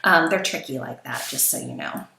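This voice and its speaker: A woman with a bright, clear voice teaches a recorded lesson in a casual, chatty way. She breaks off for self-deprecating asides and stumbles over her words now and then. The room gives her voice a noticeable echo. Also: a bass voice, normal speed. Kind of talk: recorded lecture on poetry.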